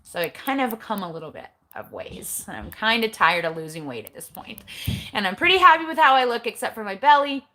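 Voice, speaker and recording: A woman's voice: on the high side, very animated, brisk, pushed and bright. Chatty, blunt middle-aged woman vlogger. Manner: chatty, blunt, eye-rolling asides. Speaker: keto vlogger. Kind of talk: casual livestream chat. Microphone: phone.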